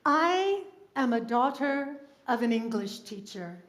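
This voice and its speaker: A woman from New York City, a singer and cabaret performer, telling a story between show tunes in a measured, articulate way. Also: on the high side, very animated. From New York City, USA.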